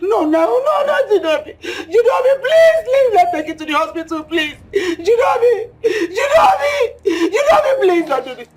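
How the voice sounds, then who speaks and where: A woman's voice: sits high, fast, few pauses, recorded from a distance, lightly acted. An actress with a Nigerian accent playing a grieving royal mother who wails and pleads in a film drama. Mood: wailing. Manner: wailing, pleading. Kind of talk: Nollywood film acting. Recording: film soundtrack with loud music.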